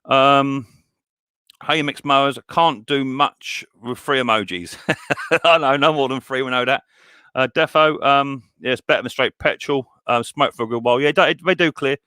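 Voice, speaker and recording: A man's voice: medium pitch, moderate pace, sharp tone, clean tone, no room sound. A man hosting a live stream chat, cheerfully greeting viewers one by one and answering mower questions. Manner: chatty and upbeat, greets each viewer with "mate". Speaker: live stream host, mower repair shop owner.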